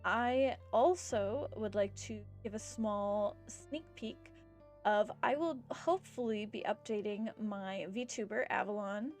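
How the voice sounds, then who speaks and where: Signing off her stream, a woman chats casually and rambles with fillers while fighting a bout of hiccups. Her voice is medium-pitched, slow and somewhat dark, with soft music playing in the background.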